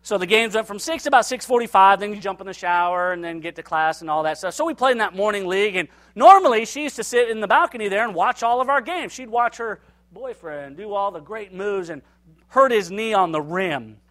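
A man preaching to a church, telling a personal story and acting out its dialogue with lively energy. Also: high-pitched, brisk. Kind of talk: sermon storytelling.

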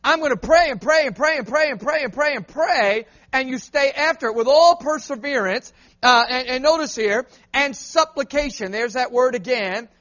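A man preaches an animated call-and-response sermon in a church. The recording sounds a little muffled. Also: very high-pitched, normal speed. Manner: animated, asks the crowd to answer back.

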